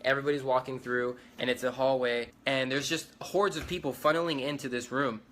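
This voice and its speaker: Bright-voiced man recounting chaos. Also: medium pitch, steady tone, brisk. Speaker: eyewitness. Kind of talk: recounting testimony.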